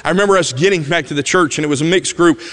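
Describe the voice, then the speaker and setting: A man tells a personal story from the pulpit in a somewhat high voice. He is a vivid storyteller who drops to a hush at the tender parts, and his voice carries a long reverb through a large church hall. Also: rapid-fire. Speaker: preacher giving a testimony. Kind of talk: emotional sermon storytelling.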